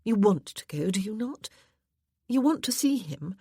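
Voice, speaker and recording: A woman plays a sensible young wife in a period audiobook. Her voice is soft and coaxing. The tone is slightly husky and the recording is dry. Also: medium pitch, very animated, measured pace, no room sound, voice pushed up, heavily acted.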